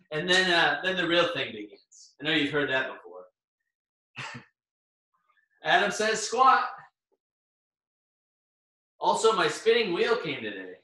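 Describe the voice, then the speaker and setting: A man's voice: sits high, pushed and bright. A man leading a live online workout class, cheering on participants by name and getting out of breath as he exercises along. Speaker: fitness instructor. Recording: very echoey room, far from the mic.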